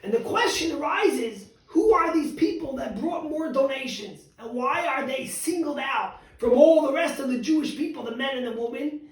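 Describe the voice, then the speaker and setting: A man giving a sermon as a rabbi, telling a story with animated emphasis, drawing out key words and dropping to soft asides. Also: very high-pitched, moderate pace, few pauses. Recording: very echoey, distant mic.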